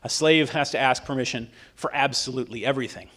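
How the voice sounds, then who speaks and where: A man, an attorney and author, giving an animated public talk to a dinner audience and often asking "right?". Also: medium pitch, fast.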